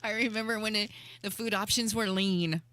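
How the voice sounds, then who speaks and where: A woman's voice: medium pitch, normal speed. A woman hosting a live radio show from the studio, chatting casually and wrapping up the show. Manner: relaxed, chatty, wraps up the show.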